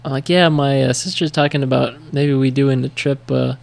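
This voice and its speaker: Gravelly American man telling rambling stories. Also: medium pitch, steady tone, normal speed. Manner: rambling storyteller, many fillers. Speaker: podcast co-host. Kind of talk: casual chat.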